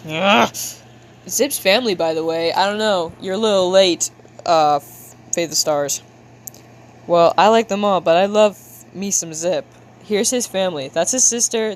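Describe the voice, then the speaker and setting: A woman's voice: on the low side, a little hiss or hum. A young woman chatting casually with her viewers while she draws on a livestream, playful and slangy, making a show of being frustrated. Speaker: livestreamer drawing for chat.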